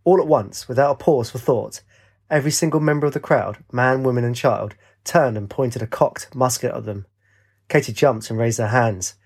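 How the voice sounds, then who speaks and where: A man reading a fantasy story aloud in a steady, descriptive storybook narration. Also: medium pitch, normal speed, breathy edge.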